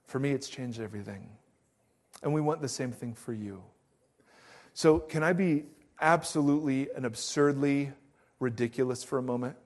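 A middle-aged man preaching a sermon as pastor, telling stories with acted-out quotes in an animated way. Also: mid-range voice, normal speed.

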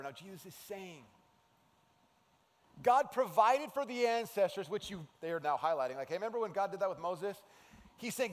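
A man preaching a sermon as a pastor, in an animated, conversational way. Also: sits high, brisk. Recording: long hall reverb.

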